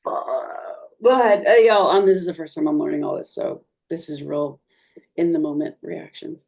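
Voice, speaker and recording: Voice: medium pitch, moderate pace, creaky, darkish tone. A podcast host reacting casually to a guest's story with slangy interjections.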